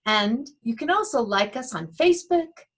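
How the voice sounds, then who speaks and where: A woman's voice: fairly high pitch, animated, normal speed. A woman hosting a story hour, introducing readers and closing the program. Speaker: host.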